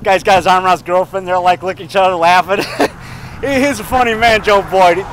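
A man talking in a rambling, folksy, excitable way, mixing songs with preaching, outdoors by a road. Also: sits high, fairly quick, slight background noise. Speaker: vlogger.

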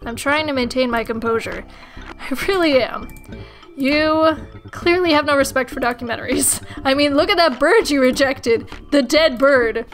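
A woman voicing an anxious, bossy female office manager who scolds in a halting, stern way. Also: high voice, faint music behind. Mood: exasperated scolding.

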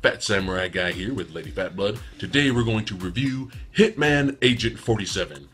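A man co-hosting a casual movie review, talking in animated, exasperated bursts and laughing often. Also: lowish voice, normal speed, faint music behind.

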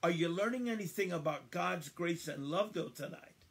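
A man leading a livestreamed Bible study, reading verses slowly and emphatically, repeating phrases and chatting to viewers. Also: high voice, expressive. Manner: addresses viewers by name, conversational asides.

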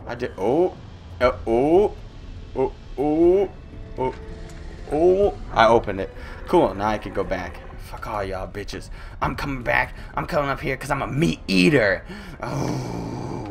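A young man doing loud, joking let's-play commentary, his voice swinging high and low as he plays. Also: gravelly. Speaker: gaming YouTuber.

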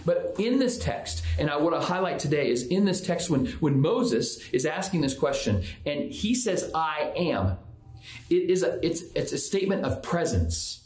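A man's voice: a little high, big pitch swings, moderate pace, darkish tone, reverberant. A man giving a conversational sermon as a pastor, often restarting and repeating words. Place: church.

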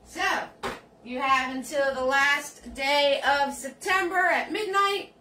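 A woman's voice: sits high, steady tone, takes it slowly, bright, forceful tone, a little hiss or hum. A woman leading a live painting tutorial, chatting with her viewers as she works. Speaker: painting instructor.

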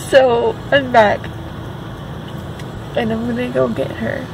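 A woman vlogging from a parked car, talking in a rambling, excitable way full of filler words. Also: on the high side, unhurried. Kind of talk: casual chatty vlog. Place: parked car outside a store. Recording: car and air-conditioning noise.

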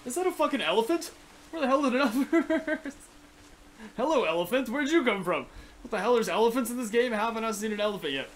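A young man giving casual, excitable commentary on his video game, rambling, swearing and yelping at sudden danger. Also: high-pitched, fast. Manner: chatty rambling to animals in the game. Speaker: gaming channel host. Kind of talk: Let's Play commentary.

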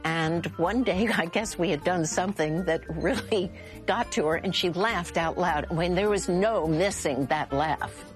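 A woman's voice: on the low side, measured pace, music in the background. An older woman, an interviewee, candidly telling anecdotes. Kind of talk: reflective interview.

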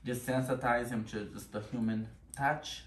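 A man's voice: mid-range voice, fairly even intonation, moderate pace. Man dog trainer, echoey and distant. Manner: talks in short bursts, breaking off to give the dog commands. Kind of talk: explaining while training a dog. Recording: echoey room, distant mic, noisy background.

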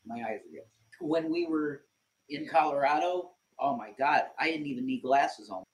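A man's voice: medium pitch, normal speed. A man on a live stream, defensive and swearing, calling his partner dude. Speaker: streamer, co-host.

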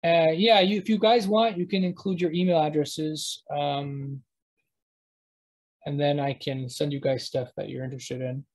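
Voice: mid-range voice, fairly even intonation, a little mellow, low-quality recording. A teacher giving a live online lesson, talking at a computer mic while screen-sharing and often stopping to correct themselves. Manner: halting, self-correcting, thinks aloud.

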